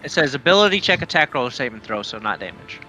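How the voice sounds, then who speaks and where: A man on an online call reading game rules aloud in quick casual lists. His pitch moves in an animated way, and his tone is very bright and sharp. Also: faint music behind. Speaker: player. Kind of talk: casual chat.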